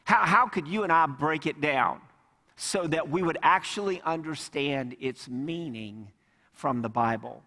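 Emphatic pastor preaching in a reverberant hall. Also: male voice, fairly high pitch, a little slow, sharp tone. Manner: emphatic, repeats key words for weight; addresses the congregation directly with questions. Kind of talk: sermon. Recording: long reverb of a large hall.

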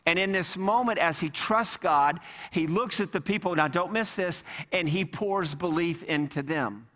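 A man delivering a lively sermon, acting out the voices in the passage he reads. His voice sits a little high. The sound rings with the long reverb of a large hall. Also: normal speed. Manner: animated, acts out voices of the people in the reading. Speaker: pastor.

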